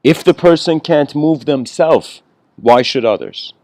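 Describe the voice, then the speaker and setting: A man giving a casual, rambling spiritual lecture, clearing his throat often and laughing between thoughts. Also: fairly high pitch, lively intonation, measured pace, a little mellow, dry recording.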